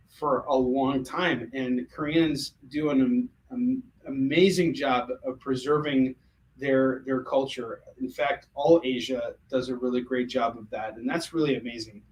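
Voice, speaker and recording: An American man hosting a livestream, selling comics and chatting casually in an animated, jokey way with many fillers and restarts. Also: medium pitch, a little hiss or hum, poor audio.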